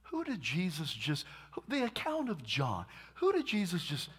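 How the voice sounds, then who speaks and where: A man preaching a sermon, animated, acting out scenes and shouting dramatically. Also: high-pitched, normal speed, slightly rough.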